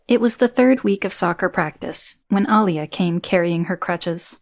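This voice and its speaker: A woman narrating a science fiction audiobook in a measured, even manner. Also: on the low side, gravelly.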